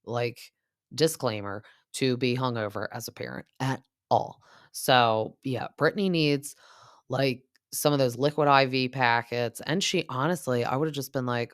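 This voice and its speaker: A woman's voice: rumbling low, moderate pace, dry recording, clean studio sound. A woman in her thirties hosting a podcast, chatting casually and gossipy with lots of filler words as she recaps reality TV. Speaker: podcast host.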